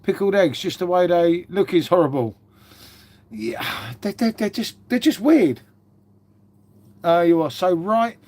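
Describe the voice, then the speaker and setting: A middle-aged Englishman with an English accent hosts a casual livestream, reading viewer comments and saying "mate" a lot in his chatty way. His high-pitched voice is lively yet unhurried and darkish, with frequent pauses.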